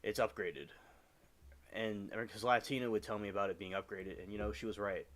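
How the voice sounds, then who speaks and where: A man with a lowish voice hosts a casual gaming livestream from home. He rambles along in a chatty way, often stopping and restarting his sentences as he plays. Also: steady tone, fairly quick, a bit bright. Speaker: live streamer.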